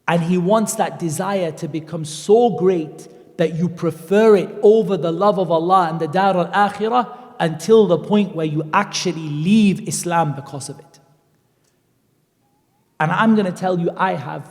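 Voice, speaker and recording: Male preacher, animated and conversational, somewhat high pitch, recorded in an echoing mosque hall. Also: unhurried. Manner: animated and conversational, acting out quoted voices. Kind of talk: Islamic lecture.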